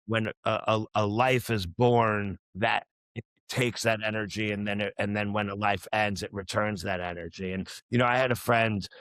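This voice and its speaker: Low-voiced man telling a rambling story. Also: steady tone, moderate pace, fairly bright tone, dry recording. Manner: rambling, many restarts and fillers; earnest, reflective. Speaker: podcast guest, musician. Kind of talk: casual storytelling chat.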